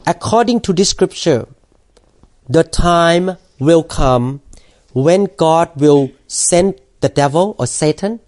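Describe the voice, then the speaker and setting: A man preaching a sermon in a warm, mellow voice. He is a pastor who speaks earnestly, stopping and restarting as he explains scripture. His delivery is halting and sincere. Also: fairly high pitch. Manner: earnest, halting, repeats words.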